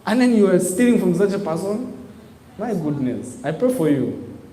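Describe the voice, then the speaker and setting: A man delivers a motivational business talk to a live audience. His voice sits high, and he drives his points home with call-and-response prompts. The sound rings with the long reverb of a large hall. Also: normal speed. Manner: call-and-response preaching, emphatic, animated.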